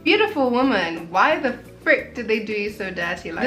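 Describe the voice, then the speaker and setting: A young woman from Kenya giving an expressive, slangy, dramatic fashion review in a casual vlog. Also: medium pitch, normal speed, hardly any pauses, soft background music. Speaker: fashion commentator.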